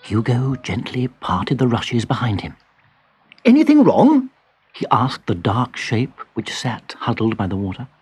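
A man reading a children's storybook aloud in an expressive way. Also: lowish voice, unhurried, hardly any pauses, husky. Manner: expressive, very lively intonation. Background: faint music.

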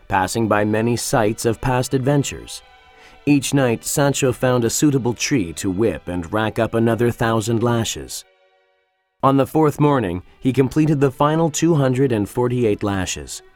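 A man narrating a storybook in a calm, measured way. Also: medium pitch. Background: faint music.

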